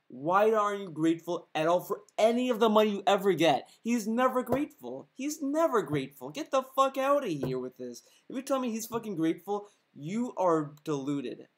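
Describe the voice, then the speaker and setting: A man delivers an angry reaction commentary, swearing constantly. His tone stays sarcastic and mocking as he rants at the person on screen. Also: high-pitched.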